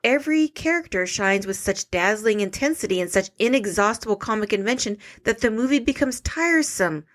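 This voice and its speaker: A woman's voice: medium pitch, expressive, fairly quick. A woman co-hosting a comedy podcast, teasing her co-host and reading out facts and reviews. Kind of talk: casual comedic chat.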